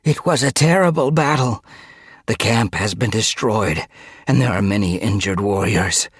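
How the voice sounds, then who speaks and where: A terrified she-cat begs for help in a high, wailing voice, as a man reads her part in an audiobook. She whimpers and pleads, breathy and shaken. The sound is close and dry. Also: moderate pace, no room sound. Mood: anxious. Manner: whimpering, begging. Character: frightened female cat, pleading, badly hurt. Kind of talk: audiobook character voice.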